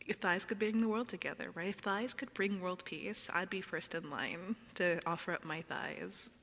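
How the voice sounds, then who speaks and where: A woman streaming ASMR into a binaural mic, chatting softly, often whispering and giggling as she reads out questions. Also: on the low side, long reverb tail. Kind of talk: soft whispered stream chat. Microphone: binaural microphone.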